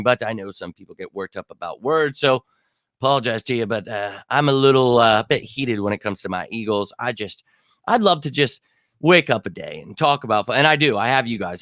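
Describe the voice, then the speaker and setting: Male fan-show host, heated and profane, rambles and hollers, bright edge, dead-dry mic. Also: fairly low pitch, no echo. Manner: heated, swearing, rambling, shouts out commenters. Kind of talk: live fan Q&A stream.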